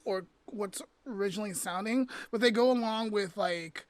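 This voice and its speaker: A woman co-hosting a podcast, telling stories in casual chat, animated and full of fillers. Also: medium pitch, moderate pace, no echo. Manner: animated storyteller, many fillers. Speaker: podcast co-host.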